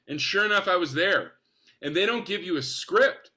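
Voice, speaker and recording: A man in his forties with a bright, forceful voice, from the Northwest of the US. He tells stories with real enthusiasm, jumping into other people's voices as he goes. His pitch sits a little high for a man. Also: normal speed. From Spokane, US. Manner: enthusiastic, animated, acts out quotes. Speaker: actor guest. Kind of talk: casual podcast storytelling.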